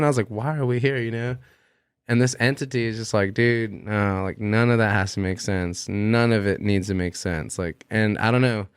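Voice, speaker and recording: A young man, a podcast guest, telling a long personal story in casual chat, animated and swearing freely as he acts out what he said. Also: on the low side, clear, resonant tone, no room sound, clean studio sound.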